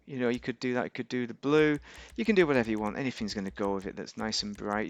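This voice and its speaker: A man's voice: medium pitch, no echo. A man giving casual, rambling gameplay commentary as a YouTuber, correcting himself and making wry asides. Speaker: gaming YouTuber.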